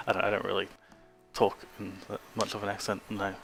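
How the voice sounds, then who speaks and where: A man's voice: on the low side, sing-song, fast talker, creaky, a bit bright, soft background music. A man with an Australian accent chatting casually on a stream, laughing often and making self-deprecating asides. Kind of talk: casual stream chat between read lines.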